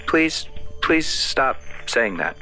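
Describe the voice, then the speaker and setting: A man's voice: mid-range voice, very animated, extremely slow, pushed and bright, soft background music, pitched above the performer's own voice, full character voice. A man putting on the voice of a stern female recruiter on a phone call, pleading and clipped. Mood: exasperated.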